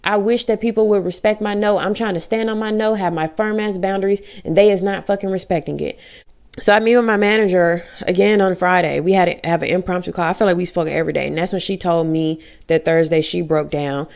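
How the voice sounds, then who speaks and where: Woman vlogger, lowish voice, blunt and profane, acts out quoted dialogue. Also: fairly even intonation, fairly quick, creaky, darkish tone. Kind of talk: candid personal vlog.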